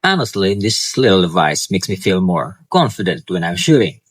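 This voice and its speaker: A man's voice: deep voice, big pitch swings, normal speed, slightly rough, dry recording. A male student vlogger casually and eagerly talking through his home tech, with small slips and restarts. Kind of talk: casual tech vlog talk. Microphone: clip-on wireless mic.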